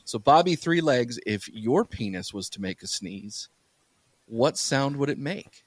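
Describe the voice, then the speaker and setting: A man's voice: medium pitch, lively intonation, measured pace, no room sound. A man hosting a podcast, telling rambling stories in a loose, casual way. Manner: rambling storyteller, lots of fillers and restarts. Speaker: podcast host.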